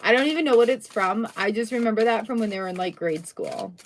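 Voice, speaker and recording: A middle-aged woman with a somewhat high voice hosts a casual live tarot reading. She talks in a chatty, upbeat way and throws in quick exclamations as she turns the cards. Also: a little hiss or hum. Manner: chatty, upbeat, exclamations and little sung bits. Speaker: tarot reader hosting a live stream.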